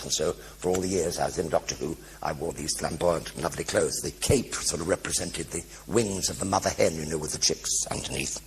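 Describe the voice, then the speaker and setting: An older man with a British English accent telling comic anecdotes in a one-man stage show, a lively raconteur who mimics other people's voices and sound effects. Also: a bass voice, brisk, few pauses, slight background noise. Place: theatre stage.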